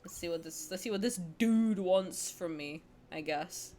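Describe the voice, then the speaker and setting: A woman streaming a game, reacting and reading aloud in a playful, sarcastic way, swearing and bursting into shouts. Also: fairly low pitch, unhurried, a little hiss or hum.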